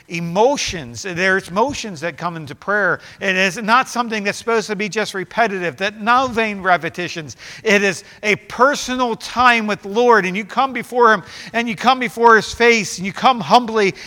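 Man, pastor, high voice, fervent sermon, repeats his phrases, church sanctuary. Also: brisk, hardly any pauses, bright, forceful tone, big-room sound. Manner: rising to fervent, emphatic preaching with repeated phrases.

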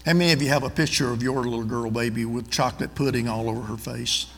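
An older man with a drawl preaches in a church, telling homespun stories and turning often to the congregation. His voice is gravelly, at an ordinary pitch for a man, and the sanctuary gives it a long ringing tail. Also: steady tone, fast, a bit bright, in a large hall, slight background noise. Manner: folksy, drawling, storytelling with asides to the congregation. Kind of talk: sermon with folksy stories.

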